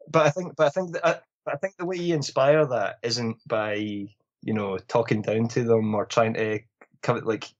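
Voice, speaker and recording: A man's voice: lowish voice, muffled recording. A Scottish man, a podcast guest, chatting casually and filling his speech with "like" and "you know".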